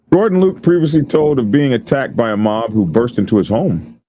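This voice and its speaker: A man's voice: medium pitch, normal speed, mellow, dull audio, slight background noise. A male show host, reading news stories aloud and riffing on them with frequent laughter. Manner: laughs often, reads news aloud and riffs on it. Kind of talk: casual news commentary.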